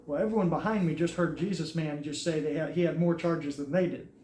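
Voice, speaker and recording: A man's voice: a little high, brisk, a little mellow. Earnest man in an echoey room. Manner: earnest, recounts events with quoted dialogue. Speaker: army veteran telling his story. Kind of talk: casual storytelling. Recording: echoey room with faint noise.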